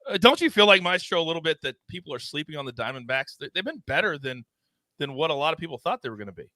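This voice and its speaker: A man hosting a sports betting show, animated and theatrical, swinging his voice up and down for emphasis. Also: fast, no echo, clean studio sound. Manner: animated and theatrical, big swings in pitch and volume. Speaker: host.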